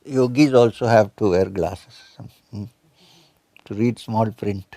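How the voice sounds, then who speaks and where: A man's voice: fairly low pitch, slow pace, mellow, no room sound. Lecturing man in his seventies. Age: 70s. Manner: quotes scripture and Sanskrit, asks the audience questions. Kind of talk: spiritual lecture.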